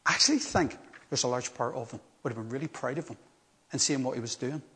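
A man's voice: mid-range voice, fast, sharp tone. A middle-aged man preaching a sermon, telling the story with earnest, emphatic repetition.

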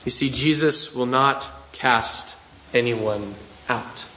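A man preaching an expository sermon, earnest and measured, slowing into emphatic phrases. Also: medium pitch, fairly bright tone, echoey room, poor audio.

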